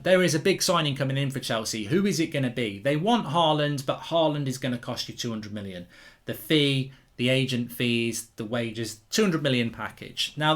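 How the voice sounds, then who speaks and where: A man hosting a football channel, talking through transfer news in an animated, opinionated way, thinking aloud. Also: medium pitch.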